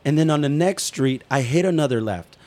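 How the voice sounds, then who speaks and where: A talk-show co-host speaks briskly in a fairly high voice. Cursing freely, he spins a lively, casual story and performs the quotes in it.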